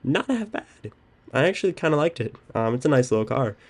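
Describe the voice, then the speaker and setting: A man's voice: mid-range voice, sing-song, fast. A young man hosting a podcast, telling a story in casual chat with lots of ums. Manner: rambling storytelling with many "um"s. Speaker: podcast host.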